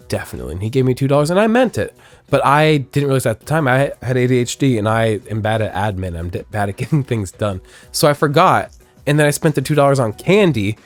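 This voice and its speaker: Rambling, animated man in his thirties. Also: mid-range voice. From Missouri, US. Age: 30s. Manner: rambling, joking, candid storytelling. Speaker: gaming streamer. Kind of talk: casual let's-play commentary.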